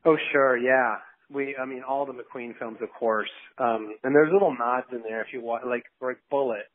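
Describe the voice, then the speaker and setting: A man's voice: mid-range voice, fairly even intonation, moderate pace, no echo. A male film director as a guest in a casual interview, rambling, laughing often and acting out quotes. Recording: dry, tinny phone-like audio.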